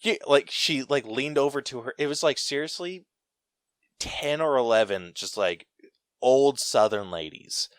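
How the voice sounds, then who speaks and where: A man's voice: mid-range voice, unhurried, no room sound. Brief: young male podcast host, mid-range, chatty storyteller, dry close mic. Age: young adult. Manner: animated storytelling, heavy filler words. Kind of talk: casual chat.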